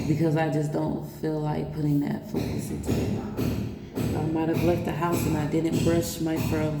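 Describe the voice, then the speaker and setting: A young adult woman, telling a personal story casually to her viewers, rambling and laughing often. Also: low-pitched. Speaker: vlogger. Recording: echoey room with background noise.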